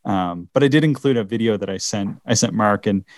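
Recorded in a clean studio without any room sound, this podcast co-host from the Canadian Maritimes talks casually in a fairly low voice at a brisk pace. He's hesitant, laughing a lot and repeatedly halting and restarting what he's saying.

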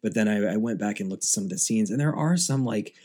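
A man co-hosting a film podcast, talking casually and fast with lots of "like" fillers. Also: fairly low pitch, lively intonation, mellow. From United States. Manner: chatty, fast, many "like" fillers. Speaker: podcast co-host.

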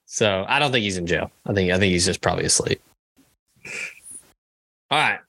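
A man co-hosting a podcast in loose, joking chat, swearing freely and tossing in quick asides. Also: deep voice, lively intonation, vocal fry, pushed and bright. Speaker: podcast co-host. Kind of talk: casual chat.

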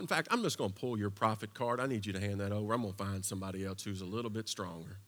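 A man preaching a sermon in a conversational way, dropping to a hush and then building to impassioned passages. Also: fairly low pitch, very fast, few pauses. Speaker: pastor.

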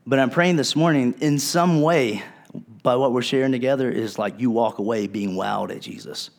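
A man's voice: medium pitch, normal speed, vocal fry, darkish tone. A male pastor preaching a sermon in a conversational, earnest way, with casual asides to his congregation.

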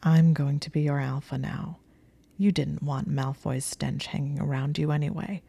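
A woman voicing a possessive, domineering young male wizard who speaks in a low, commanding growl. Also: little pitch movement, normal speed, gravelly, dark tone, husky, dry recording, heavily acted.

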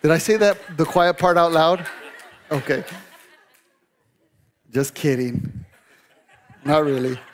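Male pastor, middle-aged, slightly high voice, easygoing storytelling sermon. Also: slow pace, pauses often, some chatter behind, slight background noise. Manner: joking, conversational preaching with asides to the congregation.

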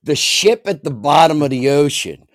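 A man arguing his view on a panel discussion, forceful and halting, with frequent restarts. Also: on the high side, lively intonation, no room sound, clean studio sound. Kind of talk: opinionated panel debate.

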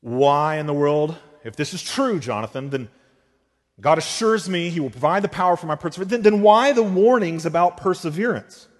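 Man preaching with lively emphasis. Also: on the high side, moderate pace, big-room sound. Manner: emphatic preaching with swings from loud to hushed. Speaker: pastor. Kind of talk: sermon.

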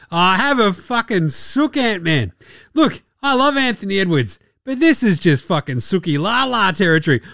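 An Australian man hosts a sports podcast in a loose, mocking rant and swears freely. His voice sits fairly high and swings widely in pitch. The sound is close and dry, with no room around it. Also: creaky, a bit bright, no echo.

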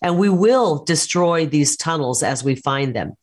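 A woman candidate speaks with firm, combative conviction. Her delivery is steady and emphatic, with punchy repeated promises. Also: low-pitched, measured pace, slightly rough. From United States. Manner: forceful, combative campaign talk. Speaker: political candidate. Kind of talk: interview over a call.

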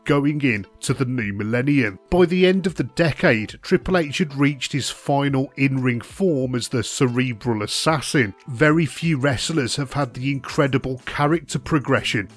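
A man reading a scripted retrospective narration in a steady, even documentary manner. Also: medium pitch, normal speed, hardly any pauses, soft background music.

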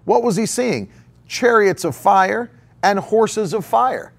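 Animated, high-voiced male preacher. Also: takes it slowly, vocal fry. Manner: emphatic, repeats key phrases, asks rhetorical questions. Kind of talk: sermon.

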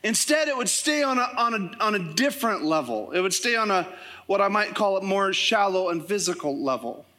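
A man preaching a sermon as pastor, telling joking stories in a lively way to his congregation. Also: high voice, a little fast. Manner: animated, joking storytelling. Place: church service with congregation.

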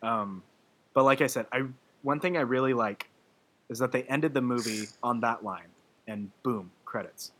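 A man's voice: mid-range voice, moderate pace, fairly bright tone. A man in casual podcast chat, gushing and emotional, rambling with many fillers and restarts. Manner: gushing about a film, laughing through his words.

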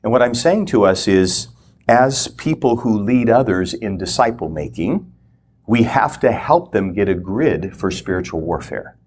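A man's voice: lowish voice, a little slow, husky. A middle-aged man teaching as a guest, telling a personal story and acting out the lines he quotes. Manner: animated storyteller who acts out quoted lines.

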